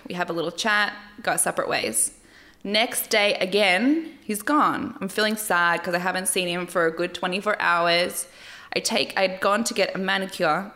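Fast-talking chatty young woman. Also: lowish voice, sharp tone. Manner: fast, chatty, swearing, laughing often. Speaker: reality show recap host. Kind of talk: casual chat recap.

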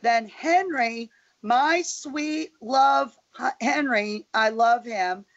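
Gal gossiping about a dating show, kinda high voice, dull muffled audio. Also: female voice, drawn-out words. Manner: animated storyteller, mimics people she quotes. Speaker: podcast co-host. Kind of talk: casual chat recapping a reality show.

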